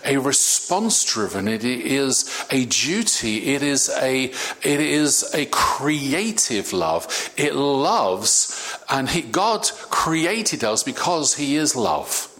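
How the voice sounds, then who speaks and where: A man preaching a sermon, animated, with many stammered restarts. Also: mid-range voice, takes it slowly.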